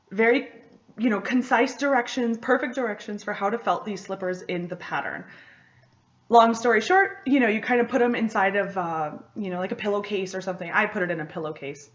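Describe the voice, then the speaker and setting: A young woman hosting a knitting podcast in casual chat, excitable and rambling, often laughing between thoughts. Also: mid-range voice, muffled recording.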